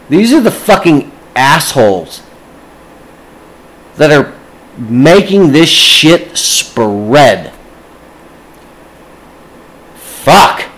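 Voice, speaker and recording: A man's voice: mid-range voice, low-quality recording. A man ranting casually to camera, agitated and swearing constantly.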